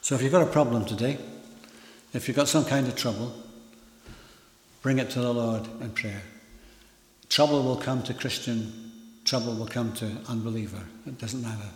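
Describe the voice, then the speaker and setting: Earnest preacher in an echoey hall. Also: male voice, medium pitch, normal speed, pauses often. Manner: earnest, emphatic, with rising and falling loudness. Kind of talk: sermon.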